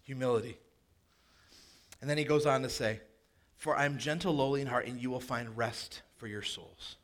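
A man preaching a sermon in an animated way, with jokey asides and quoted voices that he acts out. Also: medium pitch, moderate pace, long pauses. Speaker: pastor.

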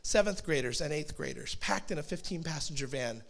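A pastor in his forties delivers a sermon in a high, light male voice. He tells it like a story, chatty and conversational, with quick asides. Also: animated, creaky, fairly bright tone.

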